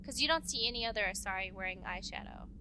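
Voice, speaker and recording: A woman's voice: medium pitch, lively intonation, fast talker, noisy background. A woman co-hosting a let's play, chatting and giggling while she plays, sharing her theories aloud. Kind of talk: casual gaming chat.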